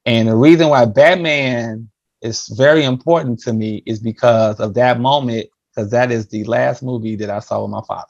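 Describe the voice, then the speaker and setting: Gravelly man, muffled dry sound, animated storyteller. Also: moderate pace, no room sound. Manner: animated, acts out his younger self in a higher voice. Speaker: podcast guest. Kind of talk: casual storytelling chat.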